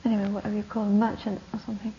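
A woman Buddhist teacher giving a talk, telling a story with lively narration that often drops to a whisper. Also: mid-range voice, very fast, soft background music. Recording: dull lo-fi recording with faint hiss.

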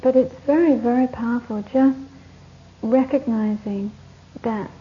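A woman gives a dharma talk to a retreat group, wandering through anecdotes and laughing often. Her voice sits a little high. The recording is dull and lo-fi, with a faint hiss behind her. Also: steady tone, measured pace. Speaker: Buddhist teacher leading a course.

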